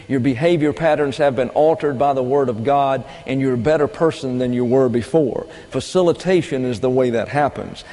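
A man teaching a Bible class in a measured, lecturing sermon style, often pausing with fillers and restarts. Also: mid-range voice, warm tone. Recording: long hall reverb.

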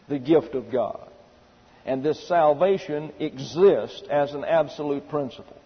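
This man's voice is fairly high and husky, and he keeps a measured pace. Preaching a sermon, he teaches the Bible point by point, methodically numbering his subpoints and posing emphatic rhetorical questions. The sound is muffled, echoing with a long hall reverb.

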